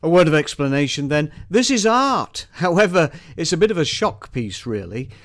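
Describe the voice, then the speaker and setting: A man's voice: fairly high pitch, big pitch swings, moderate pace, a bit bright, dry recording, studio quality. A man reading his own poem aloud, with mock-formal, provocative commentary around it. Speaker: poet. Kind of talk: spoken-word poetry reading with commentary.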